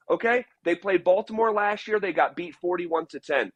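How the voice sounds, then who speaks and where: A man, a sports radio host joining as a guest, breaking down football in a casual, emphatic and animated way. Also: sits high, husky, no echo. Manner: animated, emphatic, fast riffing.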